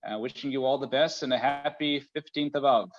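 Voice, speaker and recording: A man's voice: medium pitch, a little fast. Man hosting a video call, lo-fi sound. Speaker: host. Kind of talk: closing remarks on a video call.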